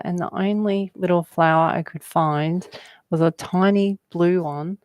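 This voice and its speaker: A woman's voice: lowish voice, fairly even intonation, darkish tone, smooth, no echo. A woman, a guest telling rambling spiritual stories in a conversation, often laughing. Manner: slow, meandering storytelling with laughs.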